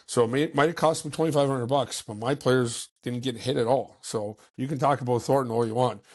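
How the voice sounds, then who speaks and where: A man in his forties tells an old hockey story as a podcast guest. His telling is animated and salty, and he slips into the voices of the people he quotes. His voice sits at a middle pitch for a man. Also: fairly quick, hardly any pauses. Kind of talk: storytelling in casual chat.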